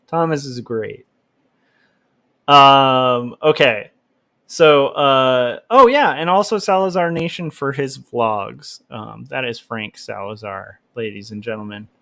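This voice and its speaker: A man hosts a relaxed livestream, chatting with his viewers. He rambles and fills his sentences with "like" and "um." His voice is mid-pitched and recorded dry and close. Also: slow pace, gravelly, dry recording. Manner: rambling, lots of "like" fillers. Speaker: livestream host, comic artist. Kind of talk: casual livestream chat.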